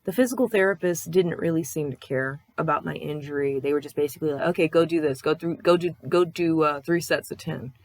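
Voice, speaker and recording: A young woman vlogger with a deep, slightly mellow voice gives a candid, rambling life update, talking fairly quickly with hardly any pauses. She swears freely and acts out other people's lines in quoted voices during the casual chat.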